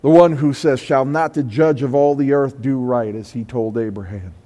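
A pastor preaching a sermon in a church, moving between quiet confession and loud, high-pitched exhortation. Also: male voice, normal speed, long reverb tail. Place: church sanctuary.

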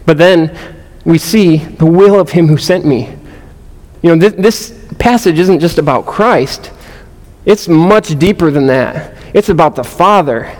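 A man's voice: fairly high pitch, measured pace, a little mellow. A man teaching a verse-by-verse sermon to a group, earnest, often repeating words and asking the room questions. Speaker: pastor or Bible study teacher. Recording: long reverb in a large room.

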